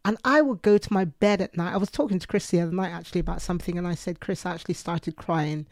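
A woman's voice: fairly low pitch, racing, creaky, darkish tone, no room sound, studio quality. A woman co-hosting a Christian podcast, earnestly telling personal stories and quoting her own prayers. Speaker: podcast co-host.

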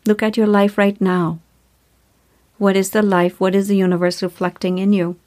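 A woman's voice: medium pitch, flat delivery, moderate pace, a little mellow. A woman hosting a spiritual self-help podcast, talking earnestly and repeating herself, full of rhetorical questions. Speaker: podcast host.

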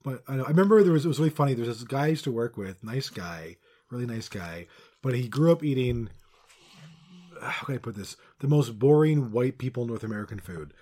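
Middle-aged man, podcast co-host, casual rambling chat, voice drifts soft then loud. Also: mid-range voice, animated, brisk.

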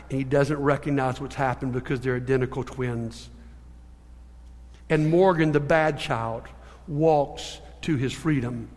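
A man with a high voice preaches in a church. He tells his stories in an animated way and swings from quiet to forceful. His voice rings with the long reverb of a large hall. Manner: animated storyteller, shifting between hushed and emphatic. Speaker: pastor. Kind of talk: sermon with storytelling.

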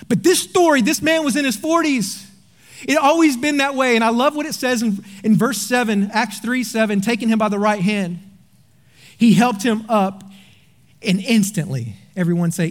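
A pastor tells a story in his sermon with animated energy, then drops into quiet, earnest appeals. His voice is extremely high-pitched and his pace moderate.

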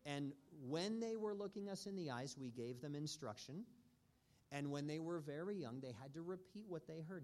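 A man teaching a church parenting class in an earnest, measured way with frequent pauses. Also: on the high side, lively intonation, a little mellow.

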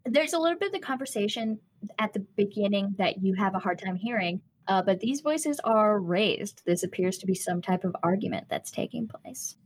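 A woman narrating a tabletop role-playing game as game master, describing scenes at a relaxed pace with frequent fillers. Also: medium pitch, moderate pace, a little hiss or hum, low-quality recording.

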